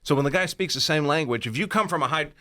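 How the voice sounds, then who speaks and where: A man's voice: fairly high pitch, fast, pushed and bright. A man on a podcast panel, arguing his point emphatically in a casual debate. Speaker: panel guest.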